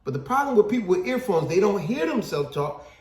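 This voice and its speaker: A man with a fairly high, lively voice, talking in a casual discussion. He tells stories with energy and acts out the people he quotes. The sound is echoey, as if recorded in a bare room. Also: brisk. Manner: animated storytelling, acts out quotes. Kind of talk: casual talk-show discussion.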